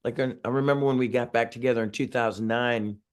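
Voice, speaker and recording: A man's voice: mid-range voice, fairly even intonation, fast talker, clean tone. A man in his sixties, a singer being interviewed over a video call, talking casually in a rambling way with many restarts and chuckles. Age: 60s.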